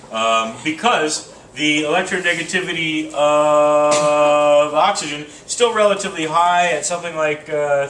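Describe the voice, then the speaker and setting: A male teacher lectures a class in a loose, joking way, thinking aloud with filler sounds. His voice is bright and forceful. It is picked up from a distance in an echoing classroom with faint room noise. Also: on the high side. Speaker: chemistry teacher.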